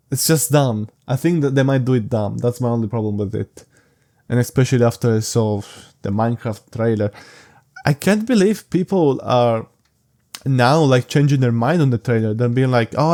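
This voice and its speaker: A young man with a mellow, unforced voice hosts his podcast solo. He sounds sleepy and drifts from point to point, stumbling over restarts. He stays frank and casual throughout. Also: mid-range voice. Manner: rambling, halting, frank. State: sleepy, yawning. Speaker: podcast host.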